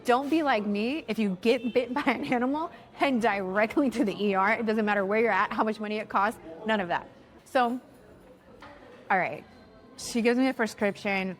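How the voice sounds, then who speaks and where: A woman in her thirties tells a travel mishap story straight to camera in a relaxed, chatty way. She is animated and lively, and she acts out what other people said along the way. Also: on the high side, normal speed. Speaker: travel vlogger.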